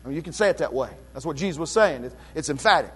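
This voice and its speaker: A man preaching a sermon as pastor, dropping to low, slow lines and then surging into loud, quick bursts with drawn-out emphasis. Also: animated, breathy edge.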